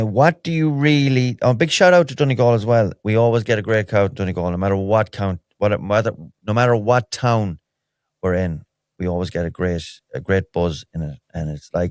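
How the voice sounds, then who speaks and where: Deep-voiced Irish man rambling candidly. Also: brisk, a little mellow, no room sound, studio quality. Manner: rambling, candid and wry, many restarts. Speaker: podcast host. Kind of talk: solo podcast, casual chat.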